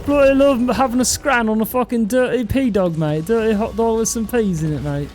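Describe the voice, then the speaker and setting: A man voicing a cheeky, loud bloke caricature, swearing and saying "mate" constantly, over clear background music. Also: extremely high pitch, brisk, voice pushed up. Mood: boisterous.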